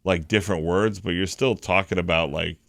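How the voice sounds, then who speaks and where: A man in his fifties tells a story on a morning radio show, animated and lively, slipping into the voices of the people he describes. His voice sits a little low, and the studio sound is dry and close. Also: brisk, creaky, dry recording. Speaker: morning radio host and comedian.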